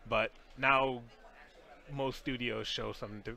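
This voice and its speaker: A man's voice: mid-range voice, steady tone, slow, creaky, bright, forceful tone. A man who works on a video game, chatting casually on a studio livestream, earnest and prone to restarting his sentences. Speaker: game developer co-host.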